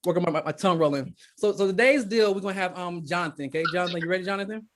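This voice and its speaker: Brief: rapid, rambling male webinar host on a video call, higher voice. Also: fairly bright tone, slight background noise. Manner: rambling, restarts often. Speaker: event host. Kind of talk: casual live webinar hosting.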